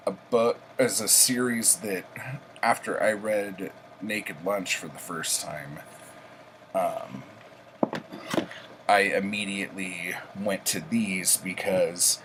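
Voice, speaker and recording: A man with a low voice casually reviews the books he read this week, rambling with plenty of ums and likes. He's a book reviewer hosting a vlog, and the rough recording carries a faint hiss or hum.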